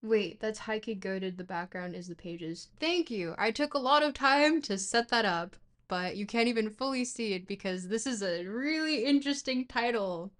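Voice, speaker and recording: A woman's voice: mid-range voice, normal speed, hardly any pauses, fairly bright tone. Chatty woman streamer reading a book aloud. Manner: rambling and playful, with frequent fillers and self-corrections.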